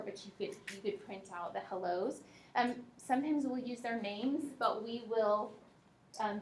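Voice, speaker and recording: A woman teacher giving a workshop presentation to other teachers, talking in a relaxed, practical way and speaking straight to her audience. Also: a little high, a little hiss or hum. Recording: echoey room, mic from a distance.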